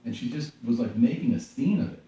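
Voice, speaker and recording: A man hosting a podcast, chatting casually and telling animated, profane stories. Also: medium pitch, fairly quick, a little hiss or hum. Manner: animated storyteller, swearing, acting out quotes. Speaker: podcast host. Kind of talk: casual chat. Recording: echoey room from far off, dull lo-fi.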